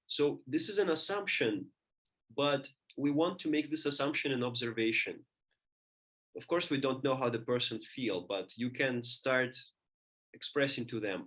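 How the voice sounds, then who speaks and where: Man, lecturer, halting delivery, frequent restarts, middle-pitched voice. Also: fairly bright tone. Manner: thinking aloud, many restarts and fillers. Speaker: teacher.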